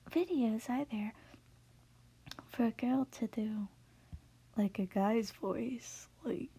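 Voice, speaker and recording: A woman giving a casual spoken voice lesson from home at night, in a hushed, half-whispered way with many fillers. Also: fairly high pitch, creaky, a little hiss or hum, poor audio. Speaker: voice tutorial creator.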